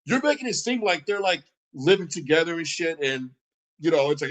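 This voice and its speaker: A man's voice: high-pitched, big pitch swings, brisk, low-quality recording. A man streaming a heated reaction, talking back to a video in a combative, mocking, profane way.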